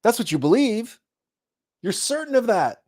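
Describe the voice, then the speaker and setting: Animated high-voiced man giving a spiritual talk. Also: moderate pace. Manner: animated storytelling, acting out imagined people in raised voices. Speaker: host.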